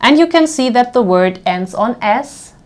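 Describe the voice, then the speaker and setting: A woman's voice: a little high, lively intonation, darkish tone. Woman teaching pronunciation, patient "okay?" checks. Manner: patient, explains slowly with frequent "okay?" checks; demonstrates sounds by stretching them out. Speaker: language teacher. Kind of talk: pronunciation lesson.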